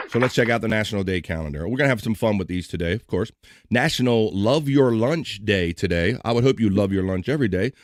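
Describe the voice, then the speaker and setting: A man's voice: medium pitch, no room sound, clean studio sound. A man hosting a casual live stream, loose and playful, breaking into silly voices and sung bits. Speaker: livestream host.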